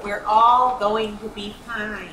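A woman's voice: medium pitch, level tone, slow, sharp tone. A woman playing a prim, formal older clerk who lectures people, in a staged reading of a TV script. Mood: calm. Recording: echoey room, mic far, noisy.

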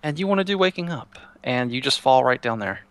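A man's voice: mid-range voice, animated, a little fast, a bit bright, clear, resonant tone, no room sound. A man casually showing a Minecraft server to a friend, rambling and restarting his sentences. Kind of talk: casual gameplay chat.

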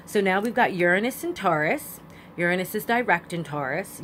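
A woman's voice: medium pitch, a little hiss or hum. A woman giving a chatty, repetitive spiritual astrology talk with emphatic phrasing. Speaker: astrology vlogger. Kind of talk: casual spiritual monologue.

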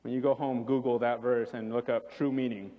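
A man's voice: mid-range voice, level tone, brisk. A man preaching a sermon in an earnest, pleading way, often repeating himself for emphasis. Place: church sanctuary. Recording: dull recording in a reverberant church.

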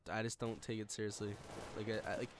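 Young male gamer, fairly low voice, rambling live commentary with lots of swearing, game gunfire loud underneath. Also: fairly even intonation, quick pace, background noise. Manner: rambling, swears often, laughs at himself. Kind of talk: casual live gameplay commentary.

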